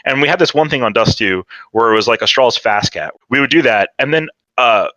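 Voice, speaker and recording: A man's voice: mid-range voice, expressive, fairly quick, sharp tone, no room sound, highs cut off. A young man from Canada, a podcast guest and former pro player, telling stories in casual chat full of fillers and swearing. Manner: rambling, heavy filler words, swearing.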